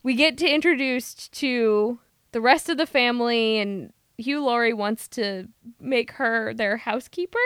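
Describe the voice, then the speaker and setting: A woman co-hosting a casual movie review podcast, ranting with sarcastic bursts. Her voice sits fairly high. The sound is dry and close, with no room around it. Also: measured pace, a bit bright, clean tone, dry recording. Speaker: podcast co-host.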